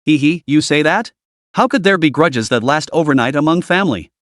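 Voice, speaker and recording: A man's voice: a little high, very animated, brisk, no room sound, clean studio sound. A man voicing a scheming, arrogant middle-aged stepmother in an audiobook-style recap, coaxing one moment and icy the next. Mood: mocking. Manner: coaxing then icy, sly giggling.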